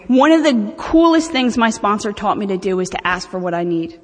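A woman's voice: mid-range voice, a little fast. Candid woman talking in a reverberant hall. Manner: candid, animated, self-mocking. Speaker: speaker sharing recovery experience. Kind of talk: personal talk at a recovery meeting.

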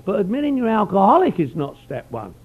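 A man's voice: high voice, wildly swooping pitch, fast talker, husky, narrow, tinny audio. A middle-aged man speaking at a recovery meeting, telling his story in a rambling, folksy way. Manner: rambling, folksy, peppers speech with "you know". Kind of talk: personal storytelling talk.

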